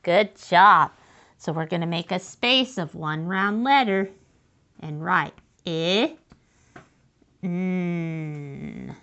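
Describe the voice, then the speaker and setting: Here the teacher speaks slowly in a fairly low, expressive voice with a sharp tone, and the high frequencies are cut off. Her lesson shows young children how to write sentences, patiently sounding out each part and praising them often.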